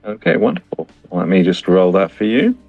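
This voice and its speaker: A man playing in a tabletop game, describing his character's actions in a slow, theatrical way. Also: deep voice, sing-song, creaky, no echo, phone-quality sound, faint music behind. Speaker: player. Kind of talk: tabletop role-play.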